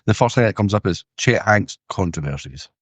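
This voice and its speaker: A man's voice: fairly low pitch, expressive, brisk, dry recording. A young man hosting a casual podcast chat, steering the talk over a video call.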